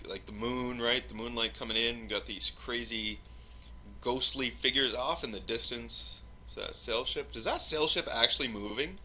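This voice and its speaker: A man giving casual, rambling live commentary over his own gameplay, chuckling often and filling pauses with ums. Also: mid-range voice, bright, forceful tone, slight background noise.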